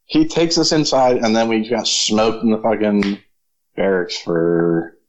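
A man and former Marine telling casual, profane stories in relaxed chat. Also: fairly low pitch, a little slow, dull audio, a little hiss or hum. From Florida. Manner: profane, laid-back storyteller. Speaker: podcast guest, former Marine.

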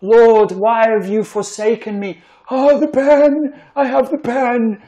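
A man's voice: steady tone, takes it slowly, warm tone. A man putting on the voice of a helpless, crying baby who wails for someone to come. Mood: wailing. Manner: high whiny wailing cries. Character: wailing helpless baby calling for help.

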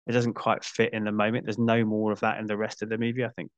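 A man's voice: fairly low pitch, monotone, fast talker, dry recording. A man in his forties hosting a podcast, chatting casually about films with frequent restarts and dry asides. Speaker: podcast host. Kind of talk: casual film discussion.

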